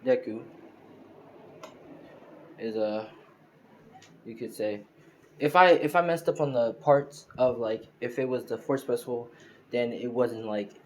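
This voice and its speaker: A man with a medium-pitched voice casually retells a fan-made story at a measured pace, pausing often, with slight background noise. He rambles, leans on fillers like "you know" and "pretty much," and laughs at his own slips.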